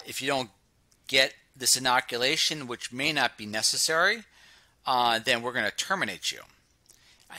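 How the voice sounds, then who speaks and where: A man with a very bright, forceful voice reads a research paper aloud for his channel, breaking off to add his own comments. He repeats and restarts words often, and slows right down to drive key phrases home. The sound is dry and close, with no room in it. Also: medium pitch, no echo. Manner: reads passages aloud with frequent stumbles and asides. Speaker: channel host reviewing research. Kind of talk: reading aloud and commenting on a study.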